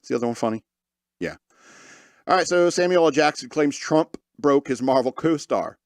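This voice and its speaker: A man's voice: on the high side, expressive, normal speed, dry recording, clean studio sound. A man hosting a podcast, reading news stories aloud and breaking off into sarcastic, mocking asides. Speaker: podcast host. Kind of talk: comedic news commentary.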